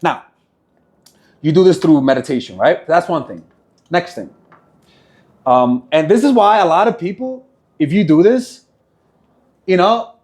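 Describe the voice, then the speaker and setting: A man's voice: fairly high pitch, a little mellow. A man giving a casual motivational talk on meditation and reacting, blunt and profane, repeating phrases for emphasis. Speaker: self-help speaker.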